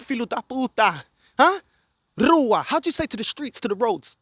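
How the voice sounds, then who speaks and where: A man's voice: extremely high pitch, big pitch swings, normal speed, a bit bright, dry recording, clean studio sound. A man ranting angrily in a football fan vlog, filmed outdoors in a car park by a friend holding the camera, slipping into Portuguese now and then. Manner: angry, ranting, slips into Portuguese. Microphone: camera held by a friend.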